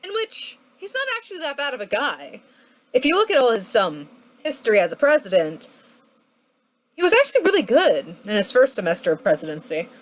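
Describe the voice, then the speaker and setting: A woman's voice: a little high, huge pitch swings, a little fast. A woman retelling history as a casual comic vlog, joking and playfully acting out what people said, recorded on a home webcam mic. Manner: playful, jokey, acts out quotes in silly voices. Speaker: history vlogger.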